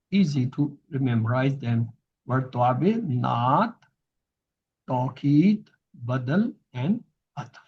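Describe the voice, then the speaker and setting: A man's voice: mid-range voice, darkish tone, breathy edge, muffled recording. A man teaching grammar in a recorded lesson, patiently repeating each term so students can drill it.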